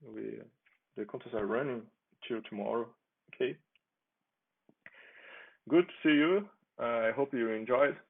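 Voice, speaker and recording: Male developer, casual screen-demo delivery, unhurried and creaky, thin lo-fi phone-like audio. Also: medium pitch. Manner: relaxed, chatty, with frequent restarts and small laughs. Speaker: software developer demoing his app. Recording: tinny phone-like sound.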